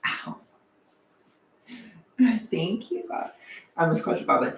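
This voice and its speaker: A young man chatting casually on a livestream, animated and chatty, sometimes swearing, laughing often, heard from a distance. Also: on the high side, slow pace, gravelly, long pauses. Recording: echoey room, away from the mic.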